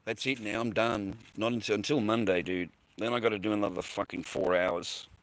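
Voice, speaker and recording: A man's voice: on the low side, fairly even intonation, a little fast, no room sound, low-quality recording. An Australian man rambling casually to his viewers, swearing freely and full of slang. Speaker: livestreamer chatting with viewers.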